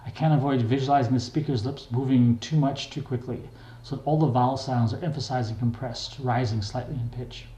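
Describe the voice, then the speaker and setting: An older man reads his own memoir aloud in a plain, wry, unhurried way. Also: mid-range voice, fairly even intonation, warm tone, a little hiss or hum. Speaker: memoir reader. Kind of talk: memoir narration. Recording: echoey room.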